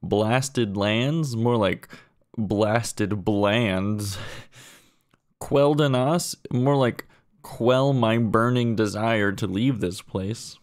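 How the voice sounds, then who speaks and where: A man doing a comedy monologue of pun roasts in a deadpan way, dropping lower and quieter for each punchline. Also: drawn-out words.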